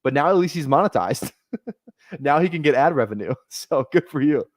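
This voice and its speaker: A man's voice: a little high, expressive, moderate pace, no echo, studio quality. A man streaming fantasy football drafts, chatting casually in a rambling, joking, self-deprecating way. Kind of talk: casual livestream chat while drafting.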